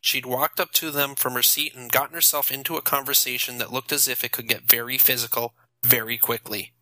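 Bright-voiced male audiobook narrator. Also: mid-range voice, fairly quick, no room sound, low-quality recording. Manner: steady, even storytelling.

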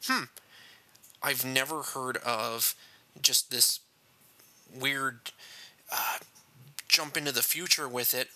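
Bright-voiced man reading his story. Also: medium pitch, fairly even intonation, slow pace, pauses often, poor audio. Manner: jokey, chatty asides. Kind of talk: story narration and casual chat.

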